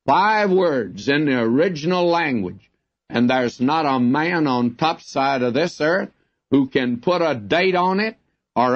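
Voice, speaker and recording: A man teaching from the Bible in an earnest, emphatic way, like a radio Bible broadcast. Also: fairly high pitch. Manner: earnest, emphatic, slow and deliberate. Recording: dull lo-fi recording.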